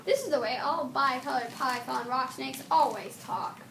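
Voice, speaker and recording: Woman teacher, high voice, reading a storybook aloud, stops to fix slips, distant mic, faint hiss. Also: normal speed, creaky. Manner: stops to correct herself while reading.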